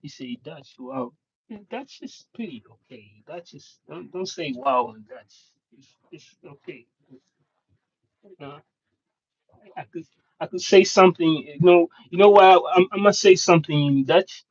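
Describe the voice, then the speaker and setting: A man whose first language is Swahili, chatting casually with viewers on a live stream, halting and rambling with many restarts. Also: sits high, slightly rough, no echo. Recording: dull, dry lo-fi sound.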